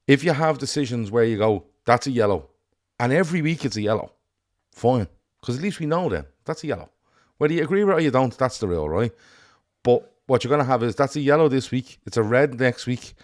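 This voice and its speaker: A man with an Irish accent co-hosting a casual football chat, blunt and sweary in an animated rant. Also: medium pitch. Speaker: podcast co-host.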